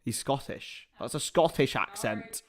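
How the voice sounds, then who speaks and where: A man streams a football watchalong live, calling the match while chatting casually to viewers. He curses, addresses them as lads, and erupts into loud, excited calls, though his medium-pitched delivery stays unhurried.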